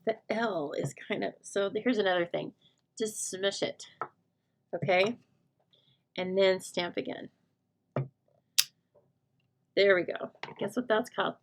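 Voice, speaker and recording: A middle-aged woman demonstrating a stamping craft, chatting and thinking aloud as she works, joking with her viewers. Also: on the low side. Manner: chatty, jokey, thinking aloud while working. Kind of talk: live crafting tutorial chat.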